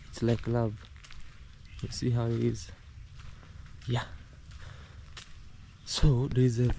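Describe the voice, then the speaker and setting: A man's voice: mid-range voice, warm tone, a little hiss or hum. A man vlogging outdoors as he walks his home farm, talking in a loose, rambling way with many fillers and repeated phrases. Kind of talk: casual walk-and-talk vlog.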